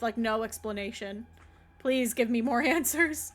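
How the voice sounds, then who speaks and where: A young woman streaming a story game, chatting excitedly and filling her thoughts with "like" as she reacts. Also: on the high side, moderate pace. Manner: chatty, lots of "like" fillers, excitable theorizing. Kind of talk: live gameplay commentary and story read-aloud.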